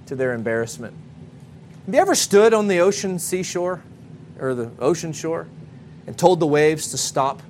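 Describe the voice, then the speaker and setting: A man preaching a sermon to a congregation, speaking to the children as well, with emphatic pauses. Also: a little high, a little hiss or hum. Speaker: pastor.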